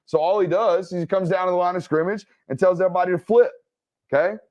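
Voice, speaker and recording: A man talking through game film with steady energy and a voice pitched a little high. He narrates each play and keeps checking in with his listener with "right?" and "okay?". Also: fast. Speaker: football film analyst and host. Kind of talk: game film breakdown commentary.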